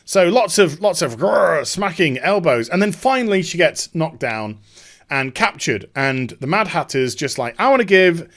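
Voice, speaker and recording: A man hosting a video commentary, mocking and sarcastic, with casual swearing. His voice swings widely in pitch and is a touch higher than most men's. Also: expressive, normal speed, fairly bright tone. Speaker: YouTube commentator.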